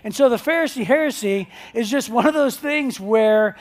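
A man's voice: extremely high pitch, moderate pace. A man preaching a sermon as pastor, talking in a conversational, joking storytelling way.

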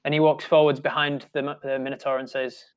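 A man with a New Zealand accent narrating as game master, talking in a halting way with many restarts. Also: medium pitch, little pitch movement, clean tone. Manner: halting, full of ums and restarts.

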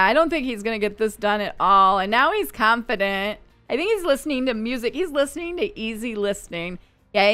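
A woman giving casual commentary on her life-simulation game, chatty and quick to voice her characters' thoughts. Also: fairly high pitch, a bit bright, clear, resonant tone, dry recording. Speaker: gaming YouTuber.

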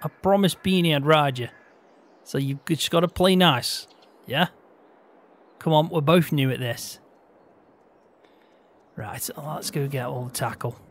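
A man hosting a farming-game roleplay, laughing easily and gently coaxing a horse. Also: a little high, measured pace, long pauses. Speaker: roleplay gamer and host.

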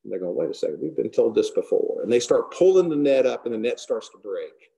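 Guy teaching bible study, mellow dark voice, chatty, acts out the lines. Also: medium pitch, big pitch swings, fairly quick, creaky. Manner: conversational, retells scripture with acted-out dialogue.

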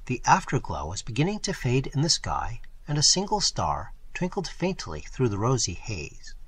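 Husky, expressive male audiobook narrator. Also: medium pitch, moderate pace. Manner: expressive storytelling, varied delivery. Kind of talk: first-person audiobook narration.

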